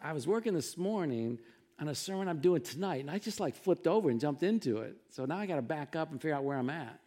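A middle-aged male pastor preaching a sermon, telling Bible stories with animated, conversational delivery and acted-out quotes. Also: fast. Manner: animated storytelling, acting out quotes with rising pitch and volume.

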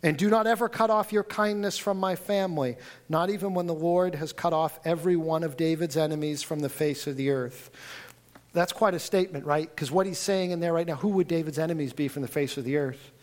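Guy preaching, kinda high voice, gets animated telling the story, lots of restarts. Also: a little fast. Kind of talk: sermon with scripture reading. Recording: audio recording of a talk.

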